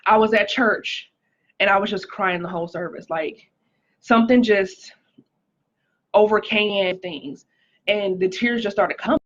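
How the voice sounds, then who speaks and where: A woman's voice: medium pitch, unhurried, pauses often, lo-fi sound. A woman speaking casually on a livestream, sharing a personal testimony and greeting viewers by name, with frequent "like" and "um". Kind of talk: casual live-stream testimony.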